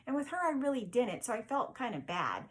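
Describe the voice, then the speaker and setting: A woman's voice: fairly high pitch, very animated, a little fast, background noise. A woman vlogger and spiritual medium telling a personal story to camera, earnest and heartfelt, often stumbling over repeated words.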